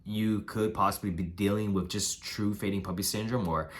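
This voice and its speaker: A young man with a hoarse, nasal voice giving casual advice on raising puppies, repeating himself and tagging lines with "right?" and "man". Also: lowish voice, steady tone, normal speed. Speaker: dog breeder giving advice. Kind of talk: casual instructional vlog.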